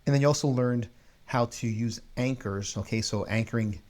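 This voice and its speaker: An energetic man teaching viewers how to speak on camera, leaning hard on key words. His voice sits in a middle range and stays lively and emphatic throughout. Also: mid-range voice, normal speed. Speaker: video coaching host. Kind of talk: energetic instructional talk.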